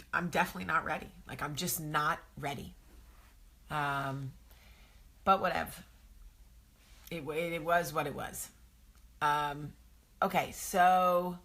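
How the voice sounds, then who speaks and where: A woman's voice: low voice, pushed and bright. A woman with a New York area accent hosting a casual vlog, chatting to camera in a rambling, confiding way. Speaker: vlog host.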